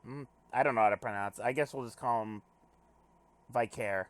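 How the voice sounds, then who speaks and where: A let's play gamer reads a video game's text aloud, adding casual commentary, swearing casually and joking at his own expense in an animated way. His mid-range voice moves at a quick pace on a dry recording.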